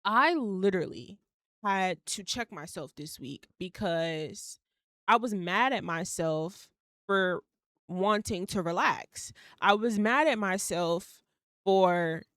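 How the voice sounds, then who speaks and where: A young adult woman hosting a casual solo podcast, blunt and animated, swearing freely as she talks herself through things. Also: mid-range voice, takes it slowly, no room sound, clean studio sound. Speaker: podcast host.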